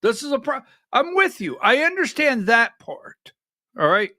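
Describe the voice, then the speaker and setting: A middle-aged man hosting a livestreamed political commentary show, talking in an animated, rhetorical way, often asking "right?" and rising to near-shouting when worked up. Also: extremely high pitch, a little slow, no room sound, studio quality. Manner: talks while fumbling with on-screen clips.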